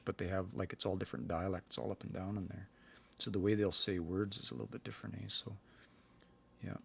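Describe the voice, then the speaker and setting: A man, teaching language in a relaxed, hesitant way with many fillers on a livestream. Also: mid-range voice, no room sound.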